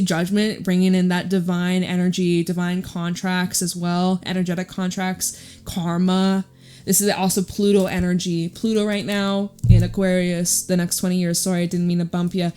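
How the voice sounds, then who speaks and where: A woman's voice: on the low side, a little mellow. A woman giving a casual, chatty tarot reading. She speaks straight to the viewer, swears now and then and laughs easily. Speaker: tarot reader.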